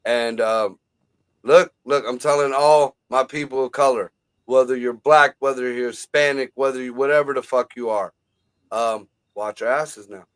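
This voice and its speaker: A man co-hosting a casual livestream chat, excitable and profane, given to conspiratorial talk. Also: mid-range voice, moderate pace, smooth, poor audio. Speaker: podcast co-host.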